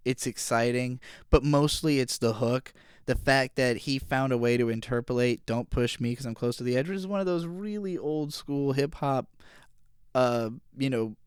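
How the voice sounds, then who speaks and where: A man's voice: medium pitch, clean tone, no room sound, studio quality. A young man from Virginia talking through his favorite albums in a rambling, emotional way, full of fillers. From Virginia, USA. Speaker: music reviewer. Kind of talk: casual album review monologue.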